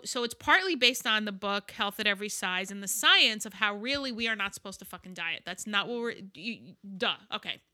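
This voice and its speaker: Bright, profane woman telling a story. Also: medium pitch. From Egypt. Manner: candid, profane, laughing storyteller. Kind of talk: casual chat.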